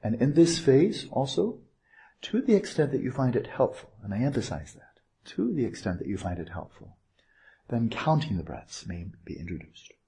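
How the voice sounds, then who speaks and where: A man giving a dharma talk as a meditation teacher on a retreat, gentle and playful, with unhurried pauses and small asides. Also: medium pitch, sing-song, vocal fry.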